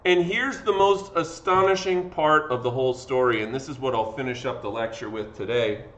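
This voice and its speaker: A man's voice: mid-range voice, moderate pace, a bit bright, dull audio. Man, history teacher, tired, casual lecture, fillers, acted-out quotes, video lesson mic. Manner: conversational, acts out quotes with fillers. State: tired from talking. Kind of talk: classroom lecture.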